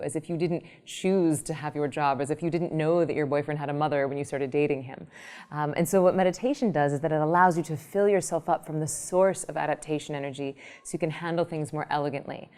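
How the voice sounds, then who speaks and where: A woman meditation teacher explaining her ideas in an interview, telling lively everyday examples. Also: deep voice, smooth. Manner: animated storytelling, explanatory. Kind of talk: interview answer with acted examples.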